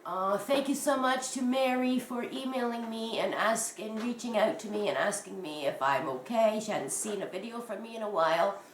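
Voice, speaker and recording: A woman's voice: on the high side, moderate pace, few pauses, distant mic. Congested woman chatting in an echoey room. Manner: rambling, trailing off quietly. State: congested, sniffling. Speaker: crochet vlogger. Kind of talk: casual chat to camera. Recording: echoey room, faint noise.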